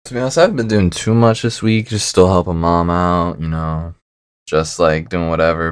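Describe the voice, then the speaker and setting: A man's voice: sits low, fairly even intonation, a little fast, clean tone, no room sound, clean studio sound. A young man chatting casually as a podcast guest, laid-back and a bit mumbly, laughing often. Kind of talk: casual chat.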